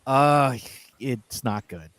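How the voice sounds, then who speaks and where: A man's voice: medium pitch, lively intonation, very slow, a bit bright, no echo. A man chatting casually on a stream, telling long rambling stories with lots of fillers and restarts. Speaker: stream co-host. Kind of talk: casual chat.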